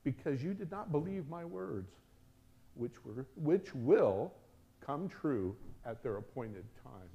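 A preacher voicing a solemn male angel messenger who speaks slowly in a hushed, weighty tone. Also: mid-range voice, lively intonation, vocal fry, highs cut off. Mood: stern.

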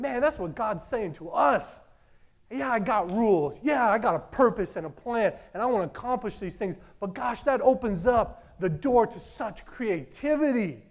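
A man preaching with a high, light voice. He is animated and enthusiastic, jumping from loud whoops to low, earnest asides as he makes his point. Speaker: pastor. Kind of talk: sermon.

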